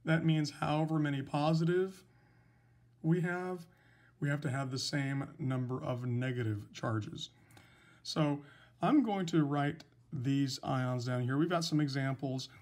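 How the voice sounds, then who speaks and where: A man's voice: on the high side, darkish tone. Patient male chemistry teacher. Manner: patient, explains slowly with fillers. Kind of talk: recorded lecture, writing examples.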